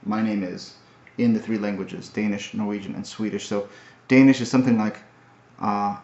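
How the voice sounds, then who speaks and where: Brief: man, low voice, thoughtful and halting self-recorded vlog, echoey room on a muffled mic. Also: steady tone, darkish tone. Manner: halting, thoughtful, many fillers and restarts. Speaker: language learner. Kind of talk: casual video recap. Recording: roomy, dull lo-fi audio.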